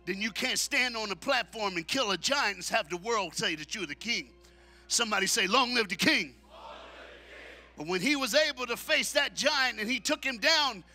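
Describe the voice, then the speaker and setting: This is a sermon at a men's conference held in a church hall, where the preacher alternates between shouted call-and-response lines and low, rapid asides.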